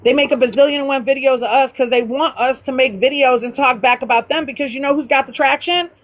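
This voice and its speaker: A woman's voice: high voice, steady tone, fast talker, poor audio. A woman hosting a casual livestream, ranting bluntly with heavy profanity. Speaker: livestream host.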